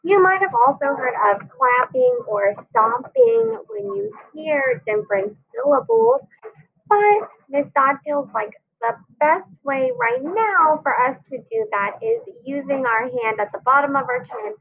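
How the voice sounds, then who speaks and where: A woman teacher giving a children's phonics lesson, speaking slowly and clearly in a sing-song classroom voice, with a husky, gravelly tone. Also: high voice, lively intonation. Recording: tinny phone-like audio.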